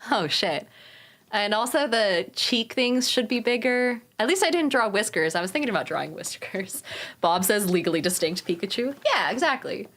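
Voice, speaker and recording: A woman's voice: medium pitch, animated, moderate pace, a bit bright. A woman streaming a game, chatting casually with her viewers and swearing freely.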